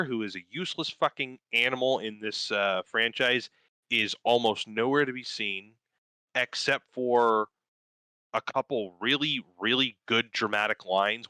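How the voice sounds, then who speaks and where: A man's voice: mid-range voice, pushed and bright, no echo, poor audio. A man in casual podcast chat, recapping a cartoon in a profane, rambling, enthusiastic way. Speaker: podcast co-host.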